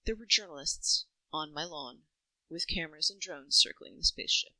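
Woman storyteller, bright and dry, reflective first-person reading. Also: deep voice, normal speed, dry recording, poor audio. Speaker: narrator.

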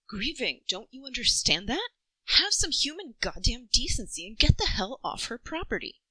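A woman voicing a fierce, protective female family friend who berates intruders in a raised, sharp voice. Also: medium pitch, sing-song, normal speed, no room sound, voice pushed up, full character voice, low-quality recording. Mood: furious.

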